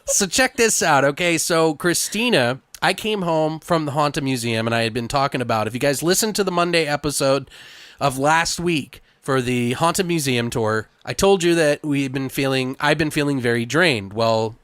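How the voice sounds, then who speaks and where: Rambling, fairly high-voiced male podcast host. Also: moderate pace, fairly bright tone, no echo. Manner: rambling storyteller, swears freely. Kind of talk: casual chat.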